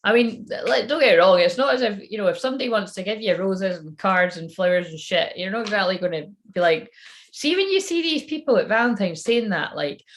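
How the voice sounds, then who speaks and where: A woman's voice: mid-range voice, animated, a little fast. A woman giving a psychic reading in a casual, rambling monologue. She swears freely and laughs at her own jokes. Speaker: psychic reader channeling messages.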